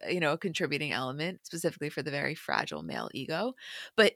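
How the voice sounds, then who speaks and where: A woman's voice: deep voice, very animated, fast, a bit bright, no room sound, studio quality. A woman co-hosting a podcast, casually and analytically talking through a reality show, thinking aloud with fillers. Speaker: podcast co-host.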